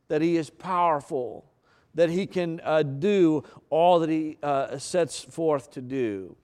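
A male pastor delivering a sermon, leaning on repetition and dramatic pauses to build his points. His voice sits fairly high and sounds smooth and resonant, with occasional fillers and restarts.

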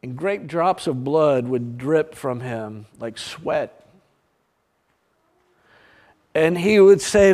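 A high-pitched man delivers a fervent sermon at an unhurried pace. He builds to loud, stretched-out peaks of emphasis and then sinks into hushed, low stretches, stumbling over restarts now and then. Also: animated. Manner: halting restarts and fillers. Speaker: preacher.

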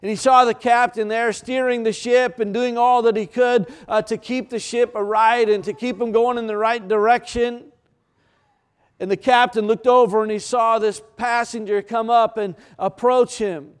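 Preaching man with a smooth voice. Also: extremely high pitch, fairly even intonation. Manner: preaching with dramatic pauses and repetition. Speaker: pastor. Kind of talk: sermon.

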